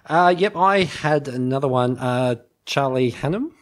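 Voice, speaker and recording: A man in casual podcast chat, talking haltingly with many fillers and restarts. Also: mid-range voice, animated. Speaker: podcast co-host.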